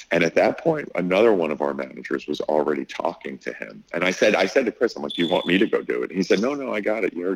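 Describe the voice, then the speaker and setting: In poor audio, a middle-aged man with an extremely low, creaky voice recounts a story during a relaxed interview. He owns a restaurant and is an animated storyteller who acts out quotes and fills his speech with fillers.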